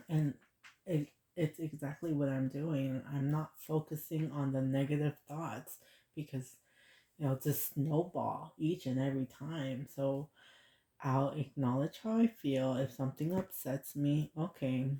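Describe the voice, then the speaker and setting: A woman giving a casual oracle card reading, chatting in a rambling way and reading affirmations slowly. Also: sits low, dark tone.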